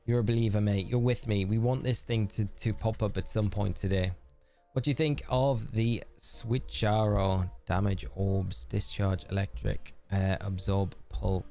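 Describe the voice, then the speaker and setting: A man's voice: lowish voice, steady tone, measured pace, mellow, faint music behind. A man streaming a game live, chatting casually and reading viewer messages aloud as he answers them.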